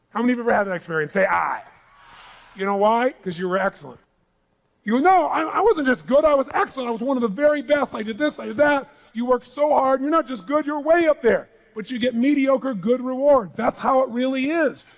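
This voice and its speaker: A man's voice: high voice, vocal fry, low-quality recording. A man giving a live seminar speech as a motivational speaker, emphatic and rallying the crowd with call-and-response questions. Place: large seminar hall.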